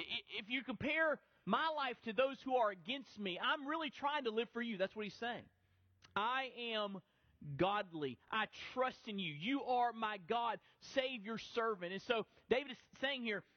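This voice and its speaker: A middle-aged pastor with a notably high voice preaches in a relaxed, conversational way, stumbling over and restarting his words as he goes. The sound is dry and a little dull. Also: dry recording. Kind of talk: sermon.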